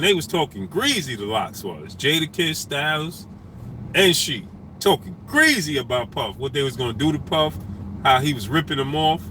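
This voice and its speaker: Animated high-voiced New man ranting. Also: a little hiss or hum, rough recording. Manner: animated, repetitive, emphatic street talk. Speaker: boxing talk show host. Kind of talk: live-stream commentary, shouting out viewers.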